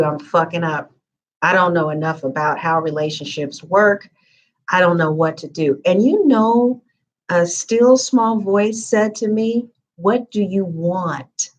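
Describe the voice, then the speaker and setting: A woman's voice: lowish voice, steady tone, normal speed, slight background noise. A woman giving a tarot reading in a casual, chatty live-stream manner with lots of fillers. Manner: chatty, conversational, frequent fillers. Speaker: tarot reader.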